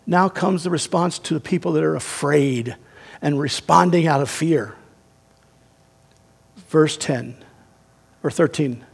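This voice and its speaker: A man preaching a sermon as pastor, emphatic and swinging between raised and hushed delivery. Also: on the high side, takes it slowly, gravelly, long pauses, slightly rough.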